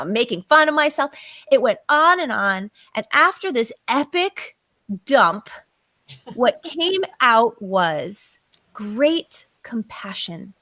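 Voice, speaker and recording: Middle-aged woman, bright emphatic storyteller, dry close sound. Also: on the high side, lively intonation, moderate pace, dry recording. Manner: emphatic, acts out her own inner voices. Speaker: psychotherapist guest. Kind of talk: personal storytelling on a podcast.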